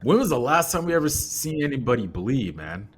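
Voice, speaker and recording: A man in casual wrestling chat, talking in an excited, conversational way. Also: mid-range voice, fairly quick, breathy edge. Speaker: podcast co-host.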